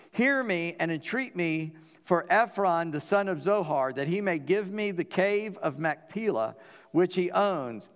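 Animated Southern pastor in a reverberant hall. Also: male voice, high-pitched. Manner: animated, acting out dialogue in voices. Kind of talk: sermon.

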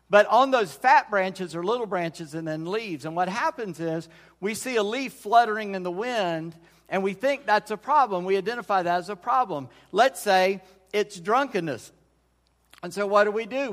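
A middle-aged pastor with a high-pitched, slightly bright voice preaches a folksy, conversational sermon, often restarting his sentences. He's in a church sanctuary, and the recording carries long church-hall reverb.

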